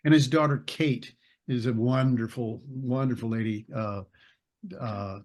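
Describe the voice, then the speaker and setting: Older actor, casual storyteller, easygoing middle-pitched voice, meandering and chuckling, on a video call. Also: male voice, fairly even intonation, unhurried, a little mellow. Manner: rambling, searches for names, laughs while telling stories. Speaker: actor, interview guest.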